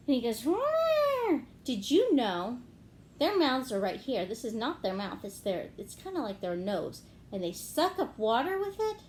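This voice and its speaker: A woman teacher giving a gentle phonics lesson to young children, clapping out words syllable by syllable. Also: a little high, a little hiss or hum.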